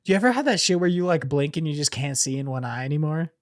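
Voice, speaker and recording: A man's voice: fairly high pitch, lively intonation, quick pace, a crowd in the background. A man co-hosting a podcast in casual chat, swearing a lot and ranting in a joking way. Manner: profane, ranting, jokey. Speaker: podcast co-host.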